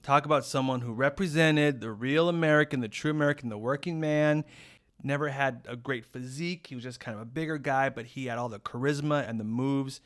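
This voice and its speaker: Brief: male podcast guest, rambling deadpan improv, middle pitch. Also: brisk. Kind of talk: improvised comedy podcast chat.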